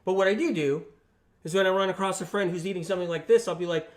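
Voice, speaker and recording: Speaking fast on a casual livestream, a man who hosts a health channel presses his points emphatically and says them again, frequently adding tag questions to check in. His voice is strikingly high, and he puts on animated voices whenever he quotes friends.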